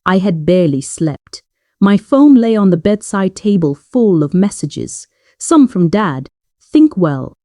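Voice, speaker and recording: A woman narrating a first-person family story in a quiet, measured way. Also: mid-range voice, lively intonation, no echo, studio quality.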